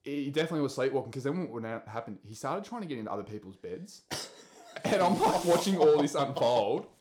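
A man's voice: mid-range voice, quick pace, echoey room, a loud crowd. A young Australian man hosting a podcast, telling stories in casual, swearing chat. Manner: animated, swearing storyteller. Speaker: podcast host.

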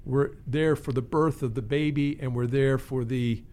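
Male pastor in an interview, average pitch, earnest and thoughtful delivery. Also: steady tone, moderate pace, a little mellow. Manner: earnest, reflective, with frequent restarts. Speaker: pastor and pastoral care teacher. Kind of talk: conversational interview.

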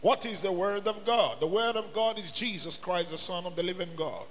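A man preaching a sermon as pastor, building into shouts and sung phrases. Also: high-pitched, normal speed. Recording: long reverb with faint music.

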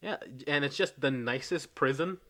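A man's voice: a little high, moderate pace, pushed and bright. A man co-hosting a podcast, casually recapping a film in a laid-back, profane way and laughing often. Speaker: podcast co-host.

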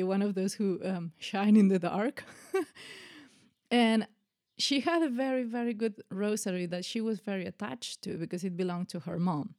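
A woman recounting a personal story in an earnest, emotional way. Her voice is mellow and dark-toned, and her talk is full of fillers and restarts. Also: mid-range voice.

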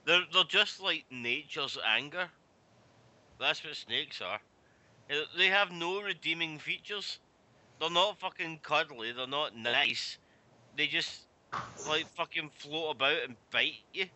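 A man's voice: fairly high pitch, a little slow, bright, forceful tone. A man in casual chat, telling stories and ranting with a lot of swearing. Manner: profane, ranting storyteller.

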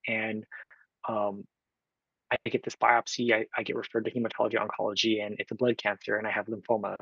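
A twenty-something man from Oakland, California, guests on a podcast and earnestly tells his own story, acting out what people said to him and leaning on lots of fillers. His voice sits on the low side with a flat, fairly quick delivery, vocal fry, and a fairly bright, husky tone. The recording is dry, with the highs cut off.

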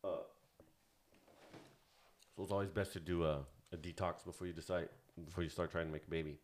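Deep-voiced man in loose, profane chat. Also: steady tone, fairly quick, a little hiss or hum. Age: 30s. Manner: loose, profane and rambling, with many fillers. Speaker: podcast co-host. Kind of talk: casual podcast chat.

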